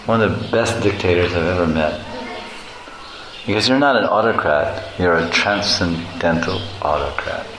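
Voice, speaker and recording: A man giving a devotional lecture as a spiritual teacher, animated and playful, often laughing and acting out voices. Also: low-pitched, normal speed. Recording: echoey room with background noise.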